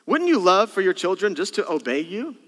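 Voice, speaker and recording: Bright high-voiced male pastor preaching. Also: fairly quick. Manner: animated preaching, acts out parent and child exchanges. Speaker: senior pastor. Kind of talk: Christmas Eve sermon. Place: church sanctuary. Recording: long church hall reverb.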